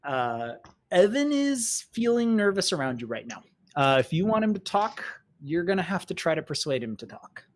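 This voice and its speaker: A man narrating a tabletop game as game master, rambling and animated, with lots of fillers. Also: sits high, moderate pace.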